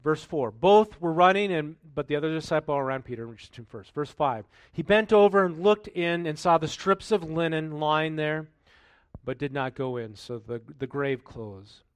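A male pastor giving a sermon, reading scripture aloud and then commenting in a relaxed, conversational way with rhetorical questions. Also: fairly high pitch, moderate pace, clean tone, no echo.

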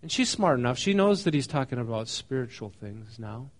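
A man's voice: medium pitch, big pitch swings, fairly quick. Conversational man preaching a sermon. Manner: conversational, asks the congregation questions; reads scripture then explains it casually. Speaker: pastor.

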